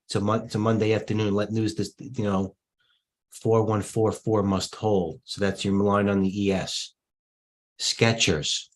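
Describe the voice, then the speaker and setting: Middle-aged man, stock livestream host, blunt, jumpy, low voice, rapid-fire commentary. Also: steady tone. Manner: blunt, jumpy, talks to viewers directly. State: out of breath.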